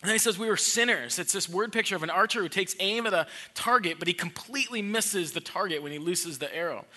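A man's voice: high-pitched, quick pace, sharp tone. A man preaching a sermon to a church congregation, speaking earnestly and with emphasis, often repeating words as he restarts a thought. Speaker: pastor.

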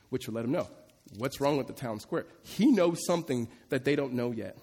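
A man's voice: animated, a little fast, darkish tone, breathy edge. A man preaching an expository sermon, reading scripture and explaining it in a conversational way that grows emphatic. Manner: conversational, turning emphatic and rising in pitch and volume. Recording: long hall reverb.

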